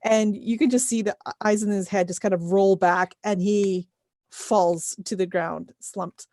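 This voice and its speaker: Woman game master, mid-pitched, patient, dry close mic. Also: steady tone, a little slow, a little mellow, no echo. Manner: patient, checks numbers step by step. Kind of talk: running a tabletop game, explaining rules.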